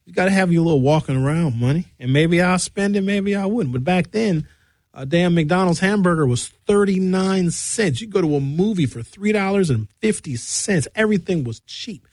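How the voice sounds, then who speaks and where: A man's voice: animated, normal speed, darkish tone, no echo. Male radio host with a raised voice, loose comic storyteller, dry close mic. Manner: loose, joking storyteller with big pitch swings. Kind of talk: comedic radio monologue.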